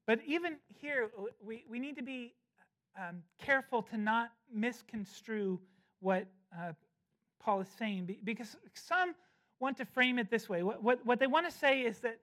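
A preacher giving an expository sermon, emphatic, slowing down to stress key phrases and often repeating words while restarting. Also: mid-range voice, a bit bright.

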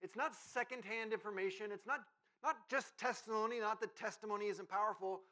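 Bright-voiced male pastor preaching conversationally. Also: high-pitched, a little fast. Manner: conversational preaching with playful sarcasm and lively acted asides. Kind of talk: sermon.

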